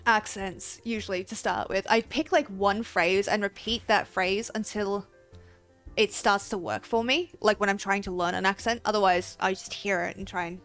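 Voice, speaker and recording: A woman's voice: medium pitch, steady tone, normal speed, fairly bright tone, soft background music. Chatty young woman streamer. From Australia. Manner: chatty, giggly, rambling with restarts. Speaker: game streamer. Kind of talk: casual livestream chat.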